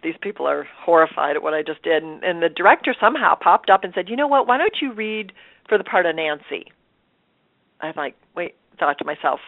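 A lowish-voiced woman shares her story as an interview guest, acting out what she thought at each step with lots of laughs. Her voice comes through a tinny, dry phone line with no room sound. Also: no echo. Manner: expressive, laughs often, acts out quoted thoughts. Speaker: guest, stage and screen actor.

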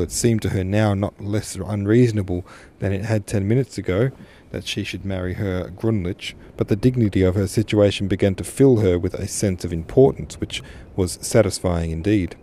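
A man reads a classic novel aloud at a measured pace. His voice sits low and sounds very dark and mellow. Now and then he stops to correct a slip. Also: a little hiss or hum. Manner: measured, with occasional self-corrections. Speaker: podcast host and reader. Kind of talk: audiobook narration of a classic novel.

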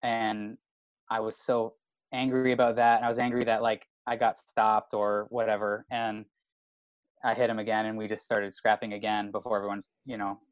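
A stand-up comedian with a fairly low voice and little pitch movement tells a long, rambling story at normal speed. It's casual, profane chat packed with "like" fillers, recorded without room sound.

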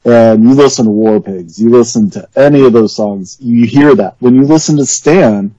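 A man on a podcast calmly explaining points about music in a casual chat. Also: mid-range voice, no room sound. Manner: explanatory, measured. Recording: dry, dull lo-fi sound.

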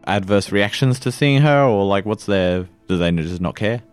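A man's voice: on the low side, animated, normal speed, clean tone, soft background music. Offhand joking man at a game table. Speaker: player. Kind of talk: casual chat.

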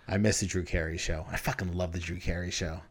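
A man's voice: low-pitched, fairly even intonation, quick pace, breathy edge. A man co-hosting a podcast, easygoing and chatty in casual talk. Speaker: podcast co-host. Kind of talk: casual wrestling podcast chat.

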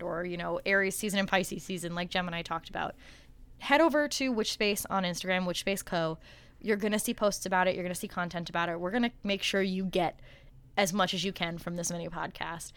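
A woman's voice: fairly low pitch, fairly quick, fairly bright tone, clear, resonant tone. A woman co-hosting a podcast, chatting casually and expressively, with casual swearing. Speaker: podcast co-host. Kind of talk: casual chat.

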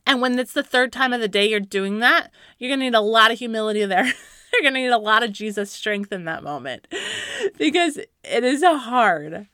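Bright-voiced mother giving faith-based parenting advice. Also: fairly high pitch, lively intonation, normal speed, clear, resonant tone, no room sound, clean studio sound. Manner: earnest and encouraging, with light laughs and filler words. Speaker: Christian parenting speaker, mother.

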